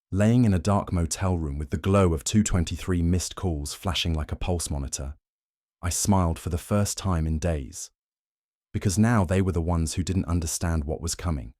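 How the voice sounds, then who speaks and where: A young man narrating his own dramatic story in the first person, brooding and measured, with a vengeful edge. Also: deep voice, darkish tone, no echo, clean studio sound.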